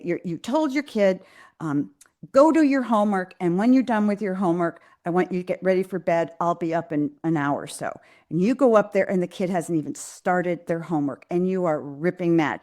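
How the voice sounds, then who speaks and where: A middle-aged pediatrician hosts a live parenting Q&A, giving advice to parents in an earnest, direct way. Her voice is lowish with a darkish tone, and she acts out the lines of parents and kids as quotes.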